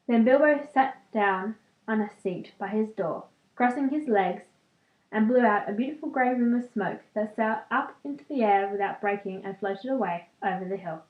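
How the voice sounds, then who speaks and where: A woman's voice: medium pitch, normal speed. A young woman casually reading a book aloud, wandering off into chatty, giggly asides full of ums. Her voice sounds thin and phone-like, with plenty of echo from the room around her. The reading itself stumbles here and there.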